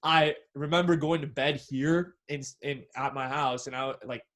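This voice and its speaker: A young adult podcast host from the San Francisco Bay Area tells a story in an animated, casual, slangy way. His mid-range voice moves at a normal speed, and he swears freely and acts out what people said.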